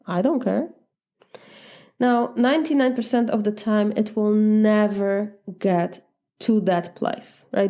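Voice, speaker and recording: A woman's voice: medium pitch, mellow. A woman with a Polish accent, coaching listeners in a direct, casual talk and acting out replies. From Poland. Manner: direct, demonstrates replies aloud. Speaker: life coach.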